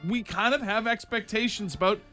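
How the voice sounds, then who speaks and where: A man's voice: sits high, brisk, sharp tone, faint music behind. A man co-hosting a morning radio show, joking and commenting on the callers. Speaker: co-host.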